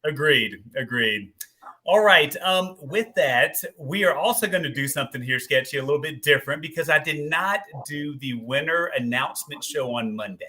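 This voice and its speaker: A man hosting a casual live-stream show, upbeat and quick to agree. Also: fairly high pitch, expressive, bright, forceful tone. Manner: upbeat, repeats yep and agreed. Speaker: host of a live tailgating show.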